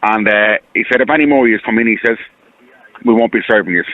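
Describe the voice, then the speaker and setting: An Irish man speaks fast over a tinny phone line. He rambles, repeats himself and sounds earnest and hurt. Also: on the low side, no echo. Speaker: caller. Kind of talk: phone-in radio call.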